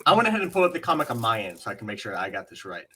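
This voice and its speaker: Bright-voiced, eager man on a podcast. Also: lowish voice, wildly swooping pitch, breathy edge. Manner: eager, fast-talking, repeats words. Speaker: podcast co-host. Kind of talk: casual comic-book podcast chat.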